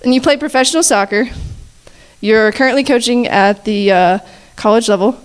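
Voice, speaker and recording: A woman emcees a panel at a campus chapel, ribbing each guest with jokey questions. Her voice sits a little high. She laughs easily and keeps things light on a handheld mic. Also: moderate pace, clear, resonant tone. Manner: teasing, jokey, laughs often. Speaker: panel host at a chapel service. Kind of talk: playful interview questions. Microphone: handheld mic shared with guests.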